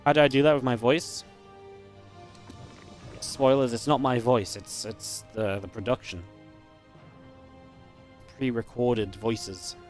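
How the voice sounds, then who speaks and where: A man giving live play-by-play commentary on a strategy game match, chatty and upbeat with quick reactions. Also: medium pitch, fairly even intonation, faint music behind. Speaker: esports caster.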